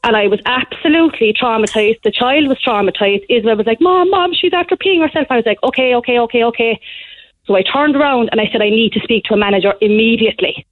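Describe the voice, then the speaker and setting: A young woman on a tinny phone line, her voice sitting a little high. She talks in an animated, breathless rush, like a caller pouring out a story on air. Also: fast talker, no room sound. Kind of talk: phone-in call to a radio show.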